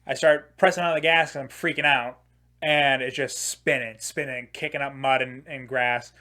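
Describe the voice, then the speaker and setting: A man's voice: mid-range voice, fairly even intonation, normal speed, pushed and bright. A young man in his twenties hosting a podcast, telling a long comedic story. He rambles, swears freely, leans on filler words, and laughs at his own jokes as he talks. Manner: rambling, profane, many filler "like"s. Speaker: podcast host.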